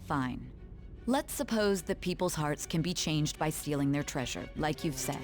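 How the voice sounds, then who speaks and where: A woman's voice: sits low, expressive, normal speed. An actress voicing a stern female interrogator in a video game, coolly probing with clipped questions. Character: stern adult female interrogator, cold and suspicious. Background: game music.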